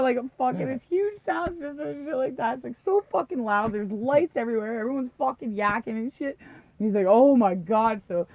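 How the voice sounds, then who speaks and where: A woman's voice: a little high, dry recording. Woman podcast cohost, swears a lot, rambly storyteller, dull muffled sound. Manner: rambling, profane, laughs often, acts out quotes. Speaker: podcast co-host. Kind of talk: casual storytelling chat. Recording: dull lo-fi dry recording.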